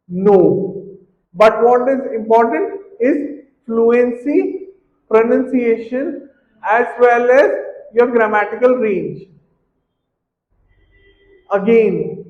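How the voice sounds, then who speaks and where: High-voiced, slow-talking male exam tutor. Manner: poses rhetorical questions, repeats key points. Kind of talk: instructional talk to camera. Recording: dull, echoey room recording.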